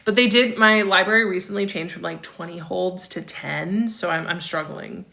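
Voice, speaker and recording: A woman's voice: on the low side, normal speed, vocal fry, pushed and bright. A woman in her thirties hosting a casual livestream, reading viewer comments aloud and answering them with chatty asides and frequent laughs. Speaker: livestream host.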